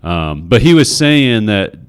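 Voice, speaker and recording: A man with a very low, smooth, resonant voice hosts a casual podcast. He keeps things easygoing and tosses out curious questions to his guest. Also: big pitch swings, measured pace. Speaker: podcast host.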